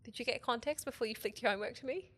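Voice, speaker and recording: A woman from Australia co-hosting a wedding podcast, reading stories aloud in a quick, dry way, often laughing as she reads. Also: fairly high pitch. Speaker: podcast co-host, wedding celebrant.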